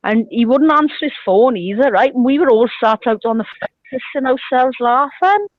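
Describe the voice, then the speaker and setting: A woman's voice: high voice, lively intonation, normal speed, dry recording, lo-fi sound. A middle-aged woman, chatting and telling gossipy stories over the phone from a beer garden. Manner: storytelling with loud bursts of laughter. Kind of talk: casual chat.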